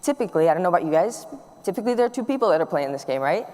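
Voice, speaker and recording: A woman's voice: fairly low pitch, rapid-fire. A middle-aged woman giving a talk to an audience, telling stories with acted-out dialogue. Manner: warm, animated storytelling with acted-out dialogue. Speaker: speaker. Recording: long hall reverb.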